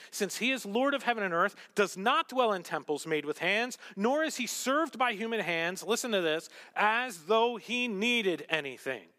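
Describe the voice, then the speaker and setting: A man preaching a sermon, animated, with joking asides, swinging between loud emphasis and hushed remarks. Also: high-pitched. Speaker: pastor. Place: church sanctuary. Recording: long reverb of a church hall.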